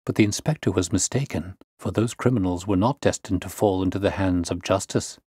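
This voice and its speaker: Low-voiced male storyteller, dry close sound. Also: steady tone, a little fast, warm tone, slightly rough, dry recording. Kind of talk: audiobook narration.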